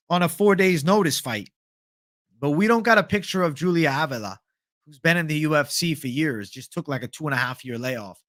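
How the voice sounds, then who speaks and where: A man's voice: a little high, fairly bright tone, dry recording, clean studio sound. Casual young man hosting a fight stream. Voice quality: casual, profane, reads chat aloud. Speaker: MMA livestream host. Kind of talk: casual livestream fight picks chat.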